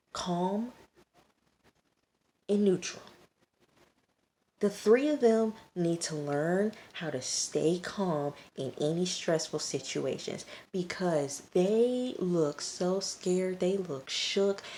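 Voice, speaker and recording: A woman's voice: low voice, a little mellow, slight background noise. A woman chatting straight to her viewers as she recaps a TV episode, scolding the characters as she goes. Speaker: TV episode reviewer. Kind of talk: casual episode recap to camera. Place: at home late at night.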